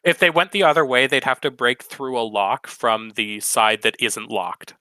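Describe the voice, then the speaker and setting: Bright-voiced man running a tabletop game. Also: medium pitch, steady tone, moderate pace, no echo. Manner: hesitant, many fillers. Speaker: game master.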